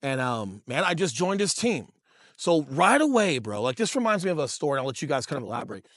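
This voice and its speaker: A man's voice: fairly high pitch, sing-song, fast talker, a bit bright, no room sound. A man in his thirties co-hosting a podcast, telling stories in a casual, profane way, calling listeners bro and dude. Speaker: podcast co-host and real estate agent. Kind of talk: casual storytelling chat.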